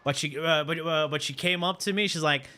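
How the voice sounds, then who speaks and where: A man in his thirties from Canada, a streamer telling a long personal story to his chat in an animated, slangy, profane way, checking in with "right?" again and again. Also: fairly high pitch, brisk. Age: 30s.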